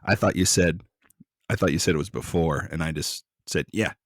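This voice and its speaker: A man with a very deep voice, co-hosting a casual podcast. He jokes and swears freely in a relaxed way. The sound is close and dry, with no room around it. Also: normal speed, dry recording. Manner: joking, profane, relaxed. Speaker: podcast co-host.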